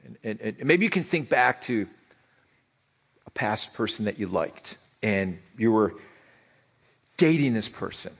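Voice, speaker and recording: A man's voice: fairly low pitch, lively intonation, measured pace, long pauses, a bit bright, husky. A middle-aged man preaching a sermon as pastor, conversational and joking, often repeating words as he starts a sentence.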